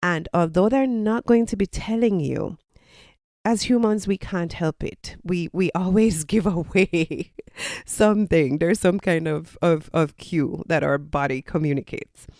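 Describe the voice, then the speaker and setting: A woman's voice: lowish voice, unhurried, a little mellow, dry recording, clean studio sound. A Jamaican woman, a podcast host and college lecturer, giving casual advice in an explanatory, teacherly way. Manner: explanatory, teacherly, with personal anecdotes.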